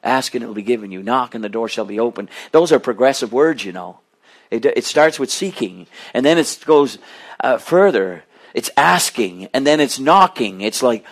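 A man's voice: mid-range voice, expressive, moderate pace. A middle-aged man preaching a sermon with impassioned delivery, rising to fervent pleading cries.

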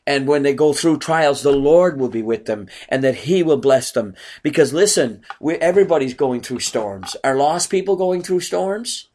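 A man's voice: a little high, animated, moderate pace, few pauses, a little mellow, slight background noise. A man preaching a sermon in an earnest way, often asking rhetorical questions.

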